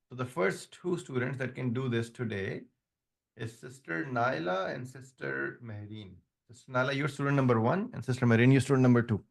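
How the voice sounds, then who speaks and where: Man teaching Arabic grammar to a class. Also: mid-range voice. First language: not English; another language first. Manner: explains patiently, many restarts and fillers. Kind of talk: online class lecture.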